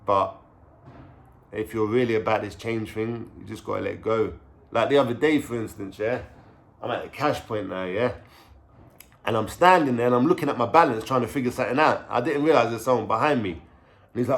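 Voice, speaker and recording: A man's voice: medium pitch, fairly quick, fairly bright tone. A young man with a London street accent telling a story to camera in casual slang, swearing and checking in with "you know what I'm saying?". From London, England. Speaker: vlogger.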